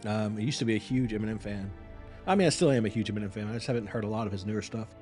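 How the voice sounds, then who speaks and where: A man's voice: fairly low pitch, very fast, a little mellow, soft background music. A man hosting a live reaction stream, chatting casually with viewers in a rambling, apologetic and self-mocking way.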